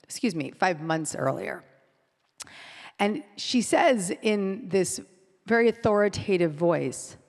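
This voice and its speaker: A woman's voice: mid-range voice, expressive, slow, a little mellow. Woman in her forties telling a story live. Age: 40s. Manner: vivid, repetitive present-tense storytelling. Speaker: host. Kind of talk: live storytelling talk to an audience. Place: live event hall. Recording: long reverb of a live hall.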